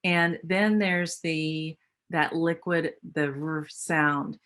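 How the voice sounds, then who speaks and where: A woman's voice: low voice, fairly even intonation, very slow, fairly bright tone. An American woman explaining speech sounds in a teacher training presentation, with a patient, explanatory manner and frequent restarts. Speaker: literacy educator.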